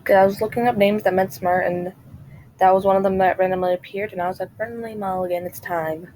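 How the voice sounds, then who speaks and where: A woman's voice: mid-range voice, level tone, fast, warm tone, slight background noise, rough recording. A woman vlogger in casual chat, rambling and chatty, often trailing off and restarting her sentences.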